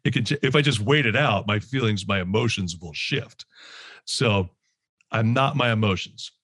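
A man from Canada giving a candid, reflective talk, animated and quick to laugh as he acts out his inner voice. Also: lowish voice, husky, no echo. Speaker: guest speaker.

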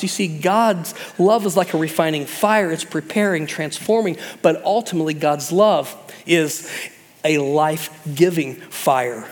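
Animated male preacher in a reverberant hall. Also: on the high side. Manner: animated, acts out voices of God and Jonah. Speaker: pastor. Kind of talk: sermon.

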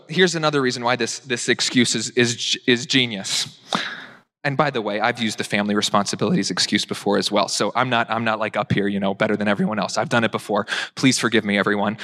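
Animated young preacher in a reverberant hall. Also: male voice, medium pitch. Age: young adult. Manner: animated, acts out excuses in mock voices. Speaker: pastor. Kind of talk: sermon.

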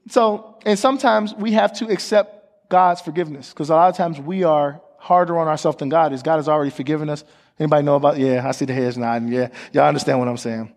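A man's voice: on the high side, fairly even intonation, fast talker, a little mellow. A male pastor preaching a sermon in a church, calling on the congregation to repeat after him and joking with them between points. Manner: call-and-response preaching, asks the congregation questions. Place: church sanctuary. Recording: long hall reverb from the sanctuary.

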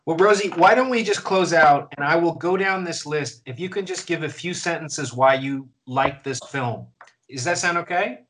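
A man's voice: on the high side, moderate pace, a bit bright, a little hiss or hum, poor audio. A man hosting a casual interview, musing in a thoughtful, reflective way. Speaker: interview host.

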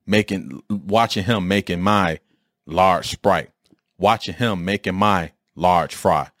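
A man in his forties or fifties from Detroit, telling a casual story on his own podcast with an animated, streetwise delivery and mild swearing. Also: deep voice, no echo, clean studio sound. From Detroit, USA. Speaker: podcast host.

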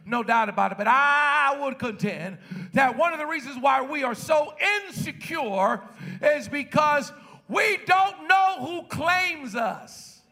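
A pastor preaching a sermon to his congregation. He calls out to the crowd and builds up into shouts. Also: extremely high pitch, expressive, slow. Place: church.

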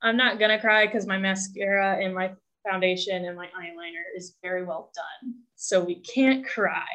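A woman's voice: medium pitch, a bit bright. A young woman telling a personal story as a guest, candid and rambling, with self-deprecating humor. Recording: dull lo-fi sound.

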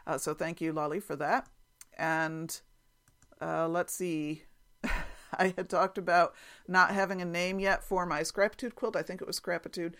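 A woman with a slightly low voice hosts her podcast in a relaxed, chatty way. She reads through listener notes with plenty of "um"s and soft laughs. She sounds easygoing and unscripted. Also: moderate pace. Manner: chatty, many fillers and small laughs. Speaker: quilting podcast host. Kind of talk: casual podcast chat.

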